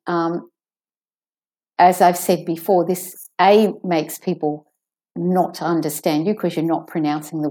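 A woman teaching English pronunciation, patiently saying model words slowly and clearly, then explaining how each should sound. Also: on the low side, mellow. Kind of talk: pronunciation lesson.

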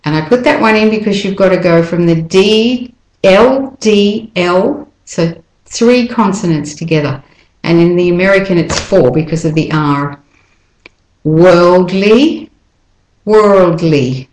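A woman teaching pronunciation, saying each word twice with careful, clear articulation. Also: fairly low pitch, normal speed, darkish tone. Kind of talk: slow, careful pronunciation lesson. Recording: roomy echo.

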